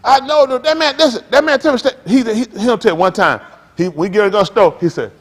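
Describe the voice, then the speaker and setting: A man preaching a sermon as pastor, telling stories with loud outbursts. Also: extremely high pitch, fairly quick. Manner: animated preaching with storytelling, loud outbursts and laughs.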